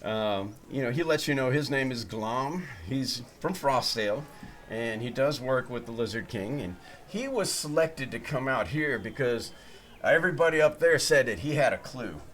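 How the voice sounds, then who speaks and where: A man's voice: medium pitch, expressive, moderate pace, fairly bright tone. Rambling man running a tabletop game. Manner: rambling, loose, with many fillers. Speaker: game master.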